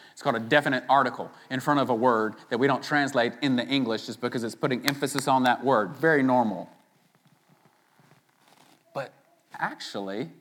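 Emphatic man preaching a sermon. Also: mid-range voice. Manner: emphatic preaching that swings between loud stressed phrases and quiet asides; conversational, with playful asides to the congregation. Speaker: pastor.

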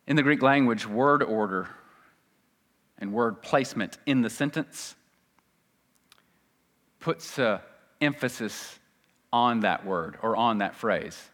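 A male pastor delivering a sermon, talking through scripture in a relaxed, joking teaching manner. He slows down and drops to a hush to stress key phrases. His mid-pitched voice rings with long reverb from a large hall. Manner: conversational teaching with self-deprecating jokes and mocking asides.

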